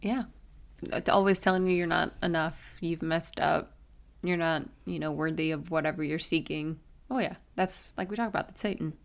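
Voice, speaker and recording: A woman with a very low voice and heavy vocal fry speaks on a casual faith podcast. She is calm and reflective, often finishing her co-host's thoughts. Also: normal speed. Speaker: podcast co-host.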